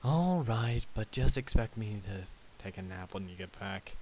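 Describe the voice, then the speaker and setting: A man's voice: mid-range voice, animated, brisk, darkish tone, close to an everyday voice. A man voicing a cheeky, slightly whiny young boy dragon in a storybook reading. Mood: grumpy. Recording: faint tape hiss.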